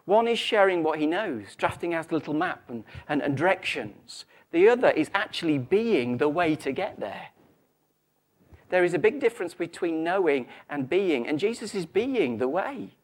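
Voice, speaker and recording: Animated man preaching a lively sermon. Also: a little high, brisk. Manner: conversational, animated storytelling with asides. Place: church.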